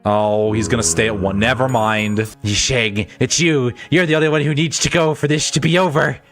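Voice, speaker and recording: A man's voice: medium pitch, steady tone, moderate pace, a bit bright, soft background music. A man streaming a game playthrough, joking around, laughing often and reading lines in mock-dramatic voices.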